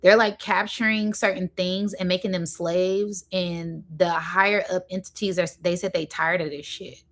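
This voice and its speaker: Casual woman host, somewhat low, channeling spirit messages live, rambling and drawn out. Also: fairly even intonation. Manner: rambling, full of fillers, slowing down to stress points; addresses viewers directly and casually.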